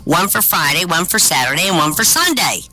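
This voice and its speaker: A plain, matter-of-fact father, put on by a man telling a joke, who explains things to his young son in a patient way. His voice sits a little higher than the man's usual tone and climbs as he counts off the items in a list. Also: big pitch swings, a little fast, sharp tone, exaggerated voice, rough recording. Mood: explaining.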